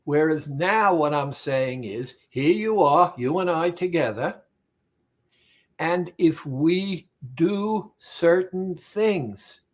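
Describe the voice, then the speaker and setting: Slow, emphatic male therapist. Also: on the high side. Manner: slow, emphatic, addresses listener directly. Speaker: weight-loss therapist. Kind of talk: motivational talk.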